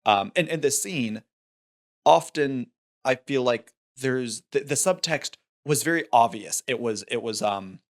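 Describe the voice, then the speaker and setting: A man's voice: mid-range voice, lively intonation, unhurried. A man co-hosting a movie podcast, talking things through in a thoughtful, rambling way with restarts. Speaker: podcast co-host. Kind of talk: casual film discussion.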